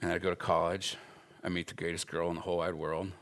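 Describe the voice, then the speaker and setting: A man's voice: low voice, little pitch movement, fast talker, fairly bright tone. A man in his forties teaching at a Bible school, talking in an earnest, emphatic, conversational way and telling personal stories. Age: 40s.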